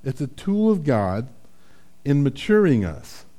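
A man's voice: medium pitch, sing-song, a little slow, mellow. A man preaching a sermon in a conversational, self-deprecating way, often checking in with "right?". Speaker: pastor.

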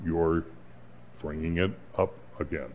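A middle-aged man preaching as a pastor in an earnest, conversational way, pausing and restarting, then rising to emphatic points. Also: a bass voice, fairly even intonation, slight background noise. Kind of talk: sermon. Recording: slightly dull, lo-fi sound.

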